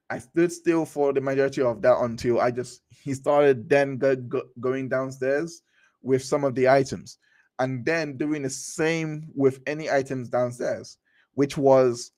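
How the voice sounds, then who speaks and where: A man's voice: mid-range voice, a little mellow. Man cold-reading court transcripts aloud. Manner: reads all parts aloud, stumbling and restarting, with asides. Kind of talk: cold read of a transcript with commentary.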